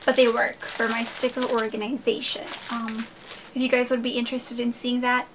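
A woman's voice: on the high side, level tone, moderate pace, background noise. A young woman chatting casually in a haul vlog, gushing and enthusiastic as she talks to her viewers. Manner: gushing, enthusiastic, addresses viewers as "you guys". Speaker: haul vlogger.

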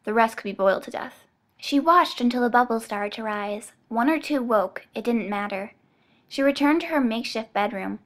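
This is scripted audiobook narration by a woman whose pitch leans high. She tells the story in an even, measured way.

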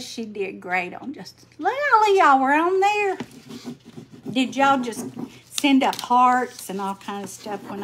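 A woman's voice: on the high side, background noise. An older woman chatting folksily on a livestream, greeting viewers by name and sounding tired. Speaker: livestream host. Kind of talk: casual livestream chat while crafting.

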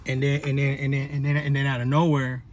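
A man's voice: mid-range voice, monotone, quick pace, slight background noise. A man telling a rambling story in a loose, slang-heavy way, full of restarts and "you feel me" tags. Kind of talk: casual storytelling monologue.

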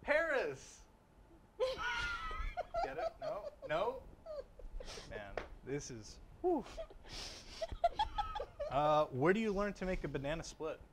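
A man's voice: on the high side, huge pitch swings, takes it slowly, pauses often, very noisy. A young man hosting a student TV segment, telling dad jokes and pleading for laughs after each one. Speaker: student TV host. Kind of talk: playful group challenge chat, telling dad jokes.

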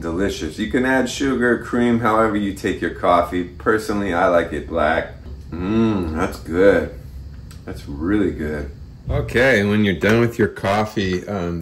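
A man hosting a casual how-to video, talking viewers through each step in his kitchen in a relaxed, chatty way. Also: low-pitched, roomy sound, distant mic, slight background noise. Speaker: host of a how-to channel. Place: kitchen indoors.

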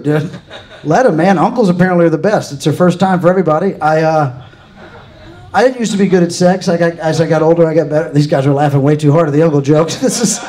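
A man's voice: on the high side, warm tone, poor audio. A man from Louisiana doing a live stand-up set in a comedy club, dry and self-deprecating, chatting with the crowd. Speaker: stand-up comic.

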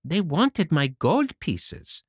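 Pinocchio, as a man puts him on, high and boyish. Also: sing-song, extremely slow, fairly bright tone, breathy edge, dry recording, clean studio sound, exaggerated voice. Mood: chatty. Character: excitable wooden puppet boy, naive and eager.

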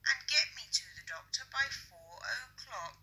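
A woman reading a children's poem aloud for a textbook recording in a slow, sing-song recitation. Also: high voice, animated, pushed and bright, low-quality recording. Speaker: audio reader of a children's poem.

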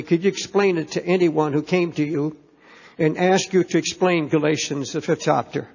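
A man preaching a sermon in a church in a deliberate, earnest way, stressing key phrases. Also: on the high side, steady tone, gravelly, darkish tone, slightly rough. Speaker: pastor. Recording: dull sermon tape in a reverberant church.

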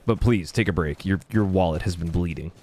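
A man's voice: low voice, fairly quick, dark tone. A man chatting casually on a live stream while playing a game, thanking viewers by name. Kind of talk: casual live-stream chat over gameplay.

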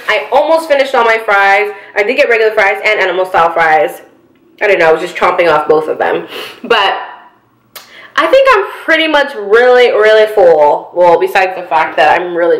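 A young woman hosting a mukbang eating show, chatting casually in a bubbly, giggly and loud way. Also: mid-range voice, moderate pace. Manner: bubbly, giggly, talks loudly. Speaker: mukbang host. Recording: echoey room.

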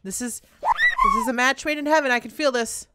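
An excitable woman narrates her gameplay in a high voice that leaps all over the place. She gushes at characters and creatures on screen. A steady hiss of noise sits under the recording. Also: normal speed. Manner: bubbly, excitable, chats to game characters and animals. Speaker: let's play host. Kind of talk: casual gameplay commentary.

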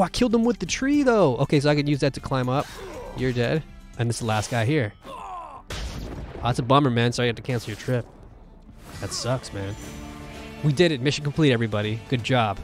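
An excitable man commentating live on a video game. He rambles and exclaims constantly in a mid-range voice, with faint game music running underneath. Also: mid-range voice. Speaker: gaming video host. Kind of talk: live gameplay commentary stream.

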